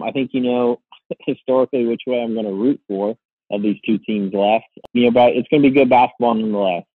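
Husky man rambling on a sports podcast. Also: medium pitch, dry recording, narrow, tinny audio. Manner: rambling, lots of "like" and restarts. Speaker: podcast host. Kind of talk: casual sports podcast chat.

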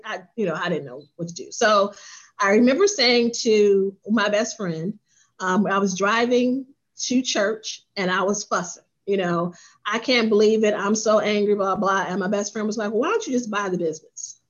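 A woman tells her own story in an interview in a middle-pitched voice. She talks in a lively way and slips into the voices of the people she quotes. The audio sounds a little dull and lo-fi. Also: normal speed. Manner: animated, acts out quoted voices. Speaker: spa owner and business coach.

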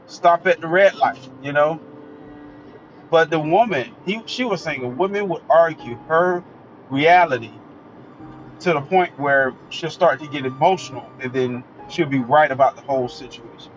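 Blunt lecturing man, fairly high voice. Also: moderate pace, a little hiss or hum. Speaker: commentator. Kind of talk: opinionated solo monologue. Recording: dull lo-fi recording with faint music.

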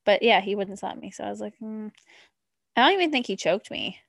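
A woman co-hosting a podcast, chatting bluntly with lots of swearing and quick reactions. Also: medium pitch, expressive, gravelly, no echo. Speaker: podcast co-host. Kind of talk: casual chat.

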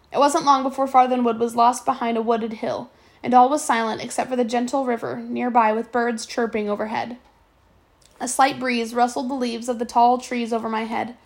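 A woman reading a first-person novel aloud at a steady pace, with occasional slips and restarts. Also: fairly high pitch. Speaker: audiobook reader.

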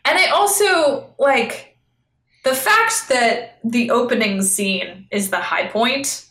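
A woman co-hosts a podcast in casual, blunt, sarcastic chat. Her voice is bright and forward. The room around her is echoey. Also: fairly high pitch, lively intonation, slow, a little hiss or hum. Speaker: podcast co-host.

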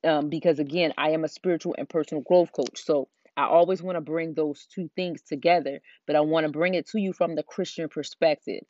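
A middle-aged woman with a Southern American drawl hosts a casual solo podcast as a Christian life coach, chatty and rambling with frequent fillers. Her voice sits low and is a little mellow, with fairly even intonation, a slightly fast pace and few pauses. The recording is dry and slightly dull, with no room sound.

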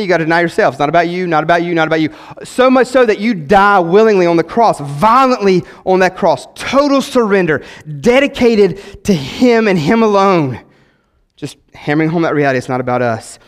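A man, a pastor preaching a sermon in his church, swinging between loud exhortation and quiet emphasis. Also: a little high, in a large hall. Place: church sanctuary.

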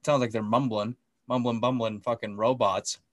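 A man co-hosting a podcast, excitedly recapping a TV episode in casual chat, swearing often and acting out the scenes. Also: mid-range voice, normal speed, no room sound, clean studio sound. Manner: excitable, profane, acts out scenes. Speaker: podcast co-host.

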